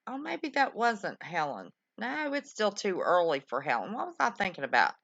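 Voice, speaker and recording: A woman's voice: mid-range voice, sing-song, normal speed, creaky, fairly bright tone, no echo. A woman hosting a live-stream show, chatting in a folksy, affectionate way with callers and viewers. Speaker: livestream show host. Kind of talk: casual live-stream chat. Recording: dull lo-fi stream audio.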